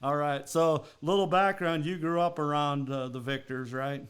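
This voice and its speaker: A man from Minnesota hosts a podcast quiz in casual, rambling chat. His voice sits a touch high, and he laughs easily as he talks. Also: steady tone, normal speed, background noise. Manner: chatty and rambling, with frequent laughs. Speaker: podcast host and quiz master.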